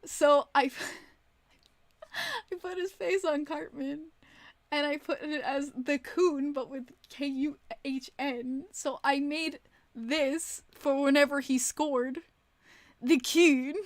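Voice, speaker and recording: A high-pitched young woman chats slowly and casually on her stream, laughing through her stories. Her voice sits close and dry, with no room sound. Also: steady tone, no echo. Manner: rambling, giggly storytelling. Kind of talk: casual livestream chat.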